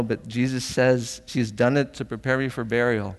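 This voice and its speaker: A man's voice: medium pitch, steady tone, normal speed. Earnest male pastor preaching in a reverberant hall. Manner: earnest, emotional, asks the congregation questions. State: tearful. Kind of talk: sermon.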